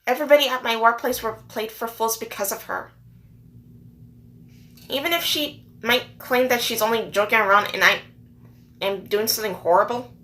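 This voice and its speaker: Upset woman venting, bright high voice. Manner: earnest, upset, repeats herself for emphasis. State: holding back tears. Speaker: vlogger. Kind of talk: emotional personal rant to camera.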